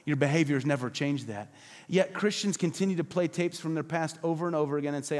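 A man preaching a passionate sermon as pastor, emphatic and repetitive, at times dropping to soft, low tones. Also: fast, big-room sound. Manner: acts out quoted voices, drops to soft low tones. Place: church hall.

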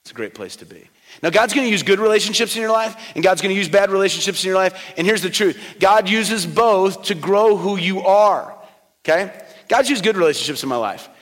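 A middle-aged male pastor preaching a sermon, telling personal stories, shifting between quiet slow passages and loud emphatic ones. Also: sits high. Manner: storytelling, swings from soft and slow to loud and emphatic. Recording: long hall reverb.

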